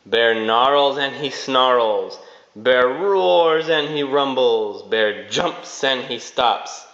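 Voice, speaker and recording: A father reading a bedtime storybook aloud to his children in a gentle, sing-song way, adding sound effects. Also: medium pitch, lively intonation, extremely slow. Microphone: phone. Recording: echoey room, dull phone recording.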